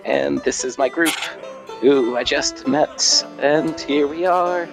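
A man's voice: on the high side, slow, creaky, over music, voice pushed up, poor audio. A man voicing a cheeky male dancing bard with a playful, sing-song delivery.

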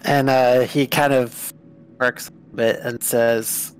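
A man's voice: mid-range voice, flat delivery, slow, smooth. A man playing a tabletop game, steadily describing what his character does. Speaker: player. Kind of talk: tabletop role-play narration.

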